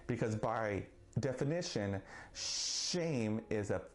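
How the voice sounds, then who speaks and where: A man speaking slowly and earnestly about his own life in a personal vlog, with occasional stuttered restarts. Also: fairly low pitch, expressive. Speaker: vlogger sharing his experience of stuttering.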